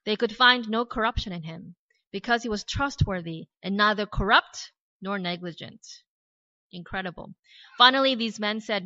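An Australian woman preaching a sermon, retelling a Bible story with lively storytelling and casual asides. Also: mid-range voice, moderate pace, no room sound. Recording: dry, slightly dull recording.

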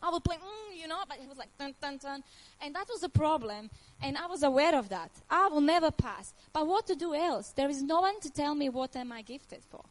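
A woman's voice: sits high, lively intonation, brisk, hardly any pauses, poor audio. Croatian woman giving a heartfelt testimony. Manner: earnest, emotional, laughs often, nonnative grammar. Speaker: testimony speaker. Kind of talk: personal faith testimony.

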